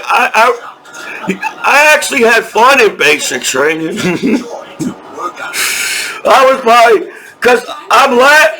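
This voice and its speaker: A man with a strikingly high, bright voice rambles slowly through his thoughts, often restarting sentences and repeating himself. He swears freely and breaks into laughter between lines as he talks. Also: low-quality recording. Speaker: army veteran. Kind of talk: casual rambling monologue.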